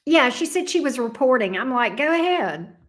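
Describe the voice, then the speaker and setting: Speaking a little fast in a fairly high, animated, slightly bright voice, a middle-aged tarot reader hosts a livestream. She reads viewer comments and chats casually, bluntly and sassily, swearing freely.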